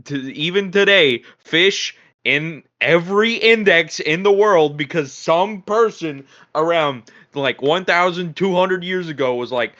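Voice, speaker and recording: A man at a tabletop game telling a story in animated bursts, on a dull lo-fi recording. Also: a little high, unhurried, hardly any pauses, no echo. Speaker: player. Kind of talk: casual tabletop game chat. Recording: dry, dull lo-fi audio.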